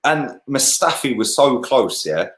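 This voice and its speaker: A man's voice: medium pitch, big pitch swings, measured pace, a bit bright. A young man, chatting animatedly about football with lots of slang and swearing. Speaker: football podcast co-host. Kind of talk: casual football chat.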